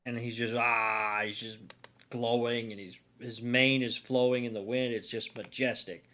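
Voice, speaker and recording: A man's voice: medium pitch, level tone, normal speed, bright, forceful tone. Man casually recapping a cartoon episode. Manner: chatty, with fillers and asides. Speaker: podcast co-host.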